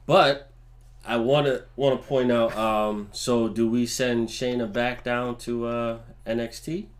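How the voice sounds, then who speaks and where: A man's voice: mid-range voice, flat delivery, takes it slowly. A man co-hosting a casual wrestling review, talking in a laid-back, hesitant way full of fillers. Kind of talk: casual chat.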